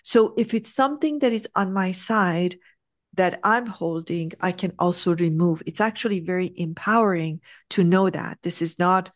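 Woman, spiritual coach, easygoing chat, slows to stress points, dry close sound. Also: fairly low pitch, no room sound. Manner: animated storyteller, acts out quotes. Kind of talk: casual spiritual conversation.

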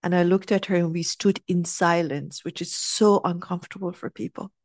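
A middle-aged woman telling a personal story in a casual, animated way, often laughing, with slightly non-native phrasing. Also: fairly low pitch, normal speed, dry recording, clean studio sound. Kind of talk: casual anecdote.

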